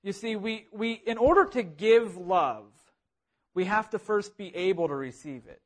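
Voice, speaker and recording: A man delivers a sermon in an earnest, driving way, repeating key phrases to build emphasis. His voice sits notably high for a man. He sounds like a pastor speaking to his congregation. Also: expressive, measured pace. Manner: earnest, repetitive preaching with rising emphasis.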